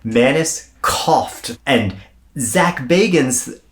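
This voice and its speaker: A man co-hosting a podcast, telling a paranormal story in a casual, animated way and swearing freely. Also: medium pitch, extremely slow. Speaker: podcast co-host.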